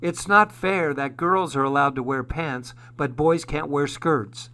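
A man's voice: a little high, measured pace. A man voicing an eager, pleading little boy in a read-aloud storybook. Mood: hurt. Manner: excited, pleading. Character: eager little boy who loves skirts.

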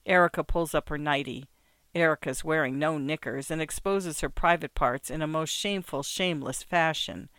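A man narrating an audiobook in a measured, wry storytelling manner. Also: a little high, a bit bright, clean tone, dry recording. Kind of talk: scripted narration.

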